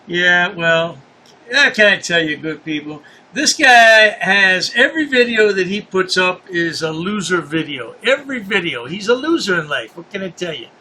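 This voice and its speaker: A man's voice: high-pitched, big pitch swings, normal speed, sharp tone. A man hosting a commentary show, mocking and lecturing his subject in a scornful tone. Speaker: commentary host.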